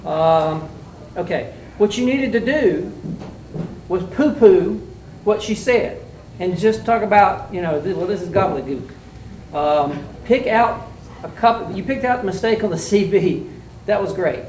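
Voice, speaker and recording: A man's voice: high-pitched, animated, measured pace, darkish tone. A middle-aged man with a drawl, critiquing mock trial students as a judge. He coaches in a folksy, blunt, joking way. He is heard from a distance in an echoey room with a faint background hiss. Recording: echoey room, mic far off, faint noise.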